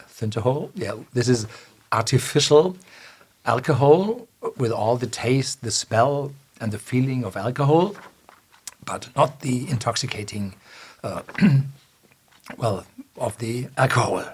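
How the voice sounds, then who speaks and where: A man's voice: medium pitch, slow, breathy edge. A man, a whisky reviewer casually retelling a film scene, hesitant with many fillers and self-corrections. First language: German.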